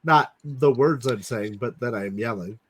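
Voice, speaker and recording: Wry mid-pitched man player. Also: measured pace, breathy edge. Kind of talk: tabletop role-play chat.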